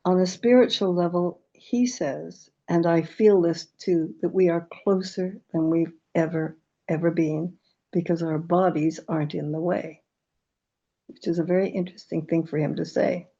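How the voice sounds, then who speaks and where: A woman's voice: fairly low pitch, moderate pace. Woman, interview guest, reflective storytelling, dull lo-fi recording. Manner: calm, reflective storytelling with small stumbles. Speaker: medium and author, interview guest. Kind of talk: conversational interview.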